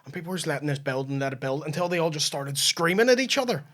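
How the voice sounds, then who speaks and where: A man with a Northern Irish accent, a comedian guest telling animated stories in casual podcast chat and swearing freely. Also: fairly high pitch, rapid-fire.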